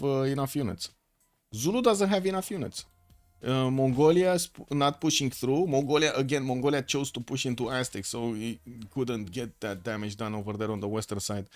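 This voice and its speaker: A man commentates a strategy game match live, his voice sitting at an ordinary middle pitch. He thinks aloud as he goes, filling pauses and restarting sentences while he reads the board. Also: a little mellow. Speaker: esports caster.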